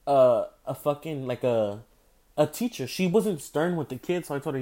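A tired young man with a slightly high voice spins a rambling storytime. He swears freely, restarts often and stays animated. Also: moderate pace. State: tired, yawning. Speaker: vlogger telling a story. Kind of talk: casual storytime.

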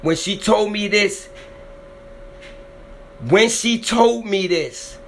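A man speaks extremely slowly in a high-sitting voice, with a little hiss or hum in the recording. He dramatically recounts another person's frightening encounter, often repeating himself as his voice swells with emotion.

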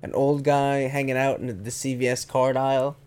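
A young man co-hosting a casual comedy podcast, playful and quick to slip into bits. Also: mid-range voice, flat delivery, darkish tone, smooth. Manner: playful, goes into bits and voices. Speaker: podcast co-host.

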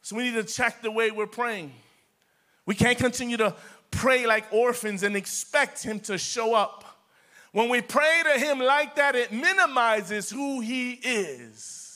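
A man's voice: very high-pitched, a little slow, bright, forceful tone. A middle-aged man preaching a sermon as pastor, impassioned and repetitive, calling the congregation "church".

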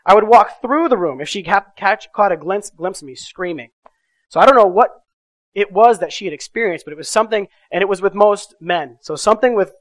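A middle-aged man preaching a sermon, telling a personal story with animated swings from loud to hushed. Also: high-pitched, no room sound. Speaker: pastor.

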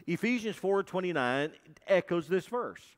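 A man preaching a sermon to a congregation, emphatic and repetitive, often pausing to ask the listeners questions. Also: high-pitched, lively intonation. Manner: emphatic, repeats key phrases, asks the congregation questions. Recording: long hall reverb.

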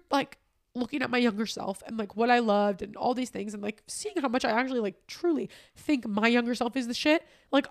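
Tearful young woman podcast host. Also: high-pitched. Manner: candid and tearful, often swearing, emphatic. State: crying at times. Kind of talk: personal, emotional solo podcast talk.

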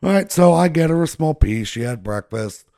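A man's voice: a little high, lively intonation, moderate pace, creaky, dark tone, dry recording, studio quality. A man casually telling a long, profane story to friends, rambling and laughing at himself. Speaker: podcast co-host telling a story.

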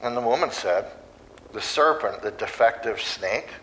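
A man delivering a sermon at an ordinary middle pitch. His delivery is conversational and lively, and he slips into acted voices at times. A faint hiss sits under the recording. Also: moderate pace, rough recording. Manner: conversational and animated, acts out voices. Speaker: preacher.

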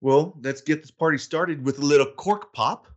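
A man hosting a whiskey podcast in casual chat, laid-back and quick to laugh. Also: on the high side. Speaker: podcast host.

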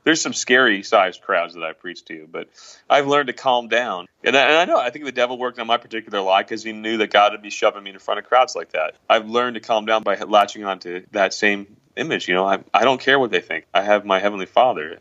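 A man's voice: on the low side, pushed and bright, dull audio. A man co-hosting a casual faith discussion, talking in an emphatic, preachy, exclamatory way. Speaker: podcast co-host.

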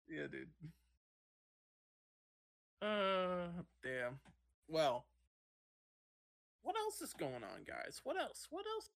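A man's voice: sits high, very slow, creaky, pauses often. A young man in crude, casual chat with friends, swearing and joking. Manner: swearing, joking, laughing, animated.

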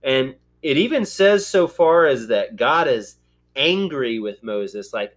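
A man's voice: medium pitch, animated, slow. A man hosting a podcast, talking through scripture casually and thinking aloud with frequent ums and uhs. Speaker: podcast host. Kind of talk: casual Bible discussion.

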